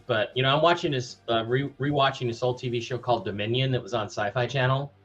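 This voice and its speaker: A man's voice: medium pitch, fast, fairly bright tone, highs cut off, faint music behind. A man co-hosting a casual podcast chat, explaining his theories in a confident, lecturing way. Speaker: podcast co-host.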